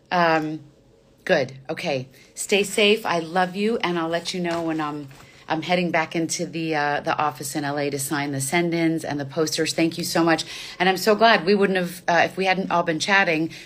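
A woman voice actor and coach chatting warmly to fans on a live stream from a studio, gushing with thanks and goodbyes. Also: sits low. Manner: gushing, affectionate sign-off chatter. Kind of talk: casual live stream chat.

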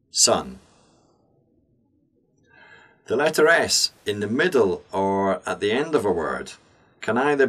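A man teaching English pronunciation in a scripted lesson, speaking deliberately and enunciating each sound clearly. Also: on the low side, a bit bright.

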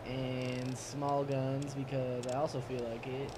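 A young man giving goofy, rambling let's-play commentary, cracking jokes and sometimes breaking into squeaky outbursts. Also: little pitch movement, slow pace. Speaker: gameplay commentator. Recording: noisy home recording.

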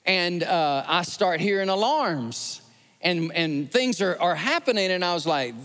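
A man delivers a sermon, his voice pitched high and leaping all over as he acts out his stories. The sound carries a long reverb from a large church hall. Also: a little slow. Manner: animated storytelling, acts out scenes with rising excitement. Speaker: pastor.

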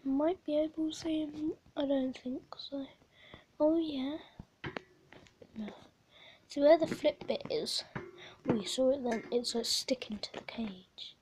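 Feeling unwell and short of breath, a woman speaks to her hamster in a casual vlog, often whispering and cooing at it. Her high-pitched voice is warm and unhurried with frequent pauses, and there's a little hiss or hum.

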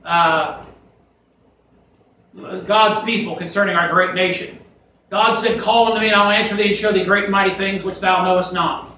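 A man's voice: sits high, fairly even intonation, moderate pace, sharp tone, a little hiss or hum. A man preaching a fiery sermon to his congregation, folksy and emphatic, quoting scripture in a church sanctuary. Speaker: pastor. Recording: echoey church from a distance.

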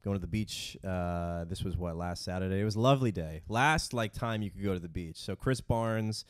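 A man's voice: low-pitched, brisk, clear, resonant tone, dry recording, studio quality. A young man co-hosting a comedy podcast, telling a rambling story in a laid-back, casual way.

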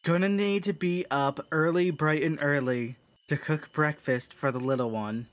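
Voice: medium pitch, lively intonation, slow pace, voice pushed up. A streamer voicing a tired, hardworking mother in a horror game, with a put-on folksy drawl and a singsong chant. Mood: weary cheerful. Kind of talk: game voice acting.

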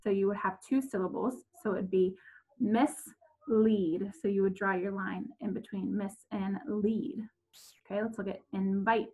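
A woman's voice: medium pitch, lo-fi sound. A woman teaching fourth graders in a remote class lesson, patient and repetitive, with frequent ums as she walks through each step.

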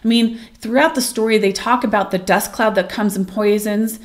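A woman hosting her own channel, reading an ancient epic aloud in a measured, solemn way, then musing about it in casual commentary. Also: medium pitch, fairly even intonation. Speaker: channel host.

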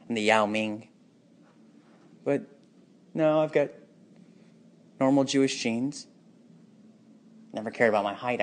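A man speaking a raw, emotional personal monologue, anguished and bitter, moving between hushed and intense delivery. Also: mid-range voice.

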